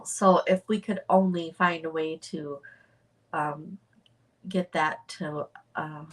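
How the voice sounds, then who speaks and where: A woman chatting casually on a livestream about her art project, halting and full of fillers and restarts. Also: low-pitched, fairly even intonation, distant mic. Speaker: artist livestreaming a charity project.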